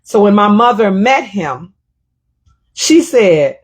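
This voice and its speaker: Emotional, husky-voiced woman talk host. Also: mid-range voice, very animated, slow pace. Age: middle-aged. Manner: reflective, emotional, repeats phrases. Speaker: show host. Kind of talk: personal storytelling monologue.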